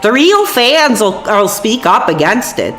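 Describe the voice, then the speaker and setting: A woman's voice: a little high, sing-song, a little slow, a bit bright. A woman streamer, sick with a sore voice, ranting angrily and profanely to her chat. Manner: angry, profane, rambling. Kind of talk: livestream rant to chat. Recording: echoey room with faint music.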